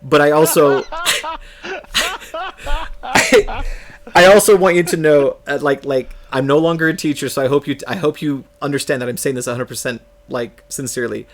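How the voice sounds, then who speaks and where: A man's voice: a little high, moderate pace. A man from California, streaming a game and telling rambling, self-mocking stories, laughing often as he talks. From California, United States. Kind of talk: casual storytelling chat on a live stream.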